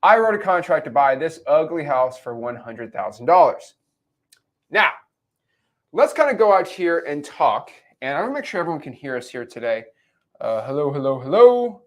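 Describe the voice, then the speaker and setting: A young man teaching a real estate lesson at a whiteboard, animated, checking in with his listeners often and acting out characters in put-on voices. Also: fairly high pitch, normal speed. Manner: animated, explains with repeated check-ins.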